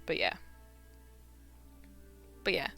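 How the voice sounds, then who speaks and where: A woman's voice: very slow, bright, forceful tone, faint music behind. A woman with a Midwestern American accent chatting casually on a live stream while she crafts, rambling and filling with "like" and "you know.".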